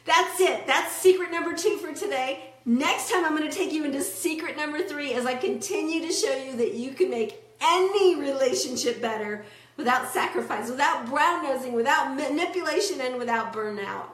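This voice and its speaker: A woman's voice: sits high, moderate pace, reverberant. A woman relationship coach giving a motivational talk, telling client stories and acting out their words. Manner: storytelling, animated quoting of clients.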